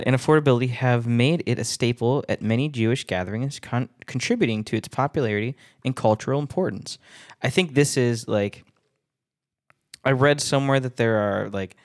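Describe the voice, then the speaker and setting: A man's voice: medium pitch, normal speed. A man hosting a casual solo podcast, rambling and self-deprecating, laughing often between thoughts. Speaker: podcast host.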